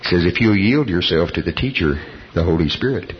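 A man preaching a sermon, telling a story with animated delivery, chuckling and acting out the voices of people in it. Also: sits low, brisk, slightly rough. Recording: dull lo-fi sermon recording.

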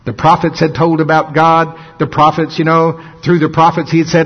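A man preaching a folksy sermon, often laughing and slowing down for dramatic emphasis. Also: fairly high pitch, little pitch movement. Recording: dull lo-fi sound.

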